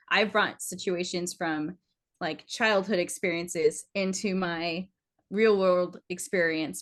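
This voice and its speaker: A woman with a somewhat low voice speaks as a podcast guest. She gives earnest, encouraging advice in a loose, casual way, with plenty of fillers. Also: a bit bright. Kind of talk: casual interview chat.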